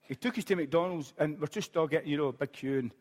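Pastor preaching in a reverberant hall. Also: male voice, on the high side, fast. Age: late 40s. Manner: animated storytelling with humorous asides. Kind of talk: sermon.

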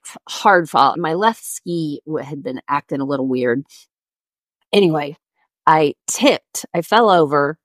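A middle-aged woman co-hosting a podcast, telling a story in an animated way, laughing often and breaking off her own sentences. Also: sits low, no room sound. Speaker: podcast co-host. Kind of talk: casual storytelling.

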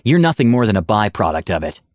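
A man voicing a calm, cold-eyed gentleman lizardfolk with a silky, measured voice. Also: fairly low pitch, no echo, clean studio sound. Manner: measured, quietly menacing.

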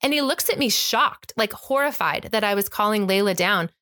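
A woman's voice: medium pitch, animated, moderate pace, sharp tone, no echo, studio quality. An emphatic, impassioned woman telling a personal story as a guest in conversation, acting out the exchanges. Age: adult with an eight-year-old child.

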